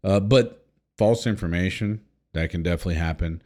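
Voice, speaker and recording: Reading headlines on his casual podcast, a host jokes crudely in a low-pitched voice at a slightly fast clip. He shifts back and forth between loudness and mumbling.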